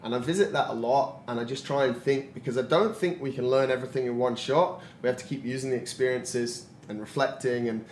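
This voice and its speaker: A man's voice: medium pitch, fairly quick, few pauses, darkish tone, slight background noise. A man in his forties, a podcast guest, telling stories in a reflective way and laughing often. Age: 40s. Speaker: interview guest. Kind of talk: casual interview chat. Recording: roomy echo.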